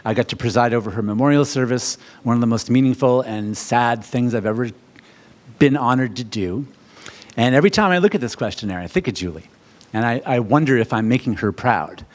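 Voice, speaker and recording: A middle-aged American man, a wedding officiant, presenting to a seminar audience in an animated, theatrical way, jumping to loud, high questions.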